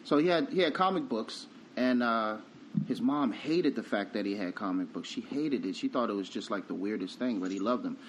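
A man's voice: on the low side, lively intonation, normal speed, a little hiss or hum, poor audio. A man appearing as a guest on a podcast, chatting casually and laughing often as he tells stories. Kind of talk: casual chat.

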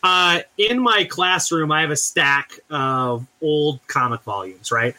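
A man's voice: fairly high pitch, slow pace, bright, forceful tone. A man who teaches school, co-hosting a casual comics podcast and telling rambling stories. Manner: rambling storyteller, acts out quotes. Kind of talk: casual chat.

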